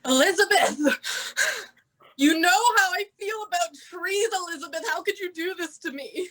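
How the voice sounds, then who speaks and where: A woman's voice: very high-pitched, moderate pace, pushed and bright, rough recording. A woman playing a melodramatic, accusing mother in an improv comedy scene. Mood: outraged. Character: outraged dramatic mother, tree-allergic.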